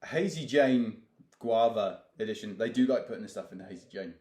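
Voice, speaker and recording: A man's voice: fairly low pitch, fairly quick, a little mellow. Dry, teasing man in an echoey room. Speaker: co-host. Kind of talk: casual chat. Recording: roomy echo, faint noise.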